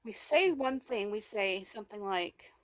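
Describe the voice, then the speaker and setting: A woman's voice: mid-range voice, animated, measured pace, fairly bright tone, no room sound. A woman telling a raw personal vlog story into a handheld phone, rambling and emotional, with many restarts, speaking of herself as "we". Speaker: vlogger.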